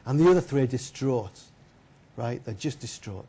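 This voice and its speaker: A man giving a keynote lecture, telling a story in a lively, chatty way and putting questions to the audience. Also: mid-range voice, normal speed, husky. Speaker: keynote speaker. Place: lecture hall.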